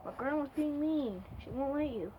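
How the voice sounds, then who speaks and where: A woman standing outdoors in the cold by a door, talking softly and apologetically to a cat on her vlog. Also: high voice, expressive, moderate pace. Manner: soft, pleading, apologetic. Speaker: vlogger. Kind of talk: casual talk to an animal. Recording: lo-fi phone audio with noisy outdoor background.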